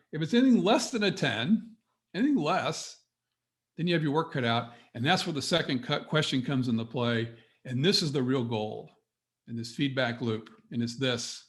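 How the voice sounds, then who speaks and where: A middle-aged man coaching business owners on a webinar, talking straight to his audience in an energetic, motivational way. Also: on the high side, normal speed. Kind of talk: webinar presentation.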